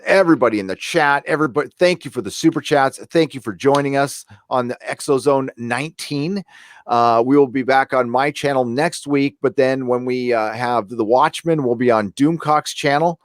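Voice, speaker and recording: A man's voice: medium pitch, normal speed, no echo, clean studio sound. A man hosting a casual live stream from home, talking bluntly and rallying his viewers. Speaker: livestream host. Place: home room.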